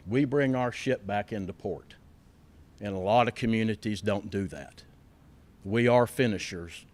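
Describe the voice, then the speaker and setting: A man giving a folksy, emphatic public speech at a college facility opening, telling stories and thanking people. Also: lowish voice.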